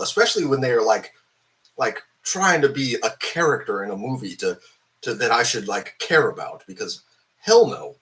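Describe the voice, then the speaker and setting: Hung-over man venting about a movie, foul-mouthed and rambling, with a bright, tense tone. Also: low voice. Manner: profane, angry, rambling with many fillers. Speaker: film reviewer. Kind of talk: ranting film review.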